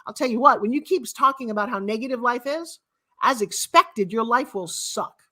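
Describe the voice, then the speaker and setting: With a fairly high, sharp voice and lively intonation at normal speed, a guest author in her sixties shares motivational stories. She leans on emphatic, repeated phrasing.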